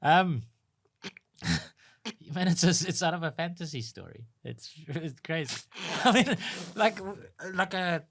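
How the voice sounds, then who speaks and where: A man's voice: on the high side, animated, a little slow, vocal fry, a bit bright. A man co-hosting a podcast, chatting with wry, mock-outraged teasing. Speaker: podcast co-host. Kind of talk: casual chat.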